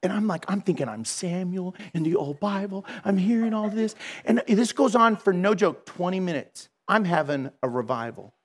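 A middle-aged man giving a storytelling sermon in a lively, conversational way, laughing at himself. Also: high voice, moderate pace, few pauses. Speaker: Christian speaker.

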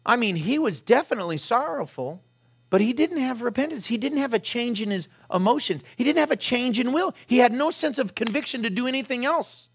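A man's voice: extremely high pitch, lively intonation, brisk, husky. A middle-aged man, a pastor, giving a conversational sermon full of rhetorical questions and short anecdotes.

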